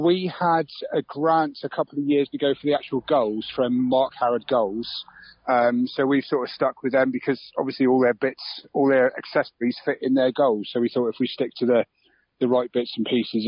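A man talks in a relaxed, chatty way, full of fillers and restarts. His voice sits at an everyday pitch. The sound is a little dull, as if the line has lost some of its top end. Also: fairly quick, no room sound. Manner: easygoing, chatty, with frequent fillers. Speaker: club secretary interviewed on local radio. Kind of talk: casual phone interview.

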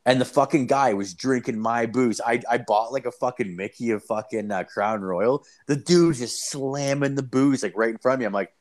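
A man's voice: medium pitch, normal speed, few pauses. A young man telling a story in casual, profane, rambling chat, full of fillers.

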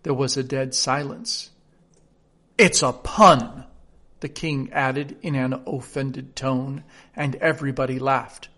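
A man narrating a storybook in a steady, clear reading voice. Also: mid-range voice, unhurried.

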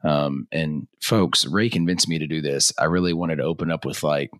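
A man co-hosting a casual beer tasting chat, his voice a bit hoarse from yelling. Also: extremely low pitch, normal speed, no room sound, studio quality. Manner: relaxed, chatty, reads labels aloud. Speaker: co-host of a beer tasting show.

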